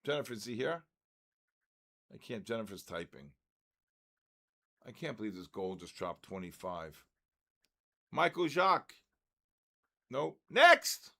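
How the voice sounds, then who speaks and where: An older man hosts a live trading stream, reading out usernames and calling them like an auctioneer, with loud shouts of "next." His fairly low voice is sing-song with vocal fry, measured in pace and full of pauses.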